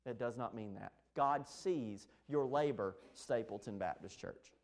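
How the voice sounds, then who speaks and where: A man preaching a sermon as pastor, emphatic, with sharp rises and drops in his voice. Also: medium pitch, unhurried. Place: church sanctuary.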